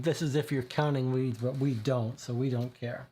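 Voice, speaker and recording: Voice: mid-range voice, steady tone, normal speed, hardly any pauses, mellow, a little hiss or hum. A player reading case text from a co-op detective board game aloud and commenting casually between passages. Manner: reads card text, then comments casually. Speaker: streamer and player.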